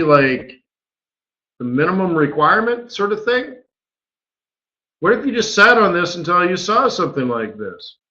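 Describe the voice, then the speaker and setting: Slow, chatty man on a trading webinar. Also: fairly high pitch, pushed and bright. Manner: chatty, keeps asking rhetorical "right?". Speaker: forex market strategist. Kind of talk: live trading webinar talk. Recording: dull lo-fi webinar audio.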